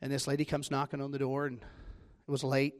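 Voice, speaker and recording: This man's voice is mid-range, monotone and fairly quick. He has a Southern US accent and delivers a sermon full of self-deprecating, humorous stories.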